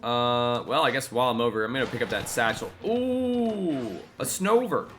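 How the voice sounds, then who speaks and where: A man's voice: medium pitch, lively intonation, fast talker, over music. A man chatting casually while playing a game live, reacting aloud to what happens on screen. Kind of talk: casual gameplay commentary.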